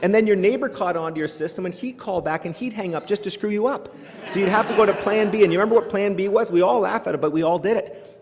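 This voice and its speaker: A middle-aged man from Canada giving a humorous keynote speech, animated and joking, full of rhetorical questions, recorded live in a large hall before an audience. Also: sits high. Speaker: keynote speaker. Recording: live hall with long reverb.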